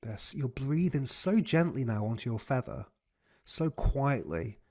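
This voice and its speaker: A man leading a guided breathing class on a video call, giving slow, soothing cues. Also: medium pitch, animated, darkish tone. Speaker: breathwork coach.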